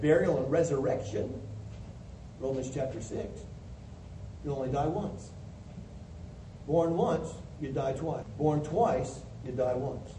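A man's voice: on the high side, dark tone. A man preaching a sermon in a church, explaining scripture in a plain, teaching way and acting out the voices he quotes. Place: church hall. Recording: echoey hall from a distance, faint hiss.

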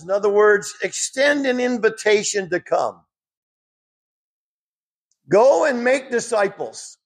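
Man, preacher, sermon, fairly high voice, husky, emphatic. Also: expressive, slow, long pauses. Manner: emphatic, rises sharply when quoting scripture, drops low for asides.

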